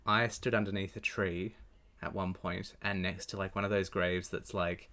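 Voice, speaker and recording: Podcast guy, lowish voice but bright and forceful, telling a ghost story carefully. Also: level tone, normal speed. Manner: earnest, detailed storytelling. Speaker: podcast co-host. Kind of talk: casual chat.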